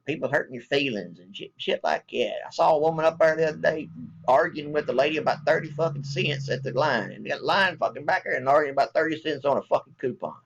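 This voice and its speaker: A man's voice: on the high side, fast, gravelly, highs cut off. Angry, profane veteran man ranting. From Southern United States. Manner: blunt, angry and heavily profane. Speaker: military veteran.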